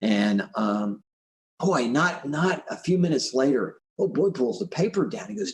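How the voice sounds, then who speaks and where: A man gives a recorded motivational talk as an animated storyteller. His pitch rises and falls a lot, and he keeps checking in with "right?". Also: unhurried. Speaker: speaker and author.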